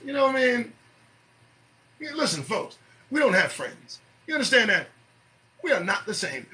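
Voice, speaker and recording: High, lively, bright-voiced male commentator. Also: rough recording. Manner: preachy, profane, swings from shouts to low mutters. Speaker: host of a commentary show. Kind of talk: early-morning live commentary.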